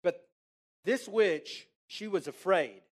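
A man preaching a sermon in church, animated and casual, asking the congregation questions and answering them himself. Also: high-pitched, slow. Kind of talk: interactive sermon.

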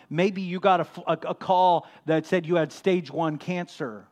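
A man preaching a sermon as pastor, dropping to a hush and rising to emphatic, loud peaks. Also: sits high, fairly even intonation, moderate pace, hardly any pauses. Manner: swings from hushed to loud, emphatic.

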